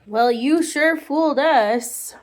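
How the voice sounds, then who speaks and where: A brave, eager young boy in a storybook, as a woman reads him aloud. His voice sits high and bright with excitement, and he asks his questions in a slow, clear way.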